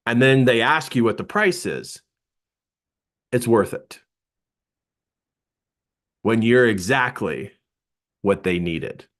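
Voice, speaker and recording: Middle-aged male coach, mid-range voice, very animated storyteller for a live coaching session. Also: slow, long pauses. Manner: animated storyteller, voice jumping high for quoted surprise. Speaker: business coach.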